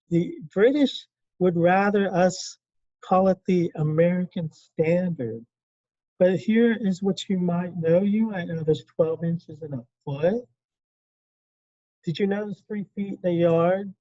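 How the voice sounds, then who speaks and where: Dark-voiced man lecturing a class. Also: on the high side, no room sound, muffled recording. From California. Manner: conversational, asks the class questions and acts out little quotes. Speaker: teacher.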